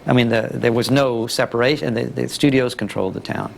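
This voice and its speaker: A man's voice: medium pitch, fairly even intonation, brisk, gravelly, slight background noise. A man giving a reflective documentary interview about the old film industry. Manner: reflective, thoughtful explanation.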